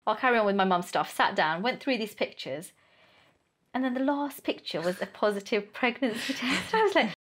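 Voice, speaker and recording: A woman in her thirties, a podcast guest, telling a personal story with lively acted-out dialogue and frequent laughter. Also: medium pitch, normal speed. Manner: animated storyteller, acts out quoted dialogue, laughs often.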